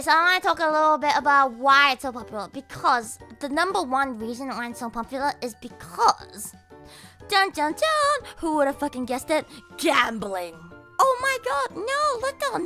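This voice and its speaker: A woman's voice: a little high, bright, forceful tone. A woman VTuber streamer ranting casually, giggly and rambling, swearing constantly.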